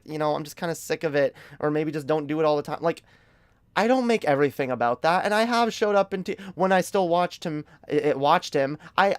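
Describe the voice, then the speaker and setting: A man's voice: a little high, clear, resonant tone, no echo. A man streaming a heated, casual commentary rant, emphatic and profane, often stumbling over repeated words.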